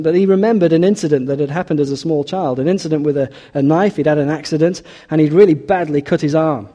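A man preaching a sermon, earnest and emphatic, slowing and dropping his voice on key phrases. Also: on the high side, mellow. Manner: earnest, emphatic, slows and drops on key words.

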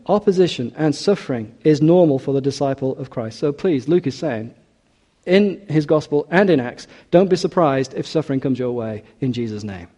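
Male preacher, sermon; mellow tone, emphatic, slows for weight. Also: medium pitch, expressive. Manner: earnest, emphatic, slows and drops on key words.

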